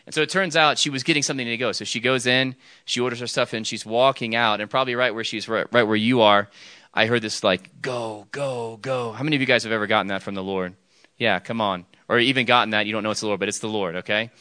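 A man's voice: fairly low pitch, fairly even intonation, fast talker, sharp tone, clean tone, no echo. A young man giving a casual sermon to a youth group, telling stories with lots of fillers and restarts and often asking the audience questions. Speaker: youth speaker.

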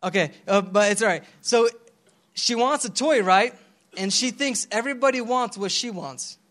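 A young adult man preaching a casual youth sermon in a slangy, animated way, calling for responses from the congregation. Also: high voice, normal speed. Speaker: pastor.

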